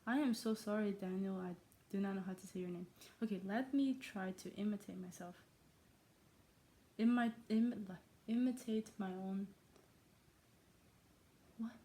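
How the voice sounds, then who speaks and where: A woman's voice: mid-range voice, dark tone, slight background noise. A woman from China talking in a self-made accent that blends Irish, American and Chinese sounds, rambling playfully and teasing herself in her own room. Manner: playful, scattered, self-mocking, trails off often. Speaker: vlogger. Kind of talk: casual rambling monologue.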